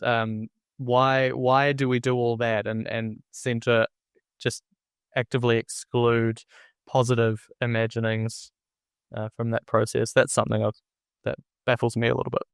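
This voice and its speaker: A man's voice: mid-range voice, smooth, no echo, clean studio sound. A man hosting a podcast, musing reflectively in a conversational way. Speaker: podcast host. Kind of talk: conversational interview.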